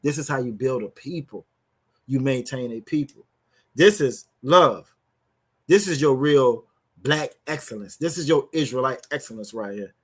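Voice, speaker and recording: A man with a teaching a brotherhood Bible class in a preaching style. His voice sits at an ordinary middle pitch. He reads verses slowly and often repeats words while finding his place. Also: lively intonation, husky.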